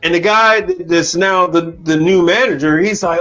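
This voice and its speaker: A Chicago man hosts a casual livestream, bluntly telling stories laced with plenty of profanity and acting out the dialogue. His voice sits high with a bright, forceful tone, moving at a moderate pace with hardly any pauses; the highs are cut off and faint music plays behind him.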